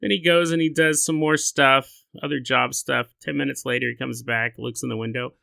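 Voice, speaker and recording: A male podcast host telling a story in an animated, joking way, laughing often and acting out voices. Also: mid-range voice, moderate pace, creaky, dry recording. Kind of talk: comedic storytelling.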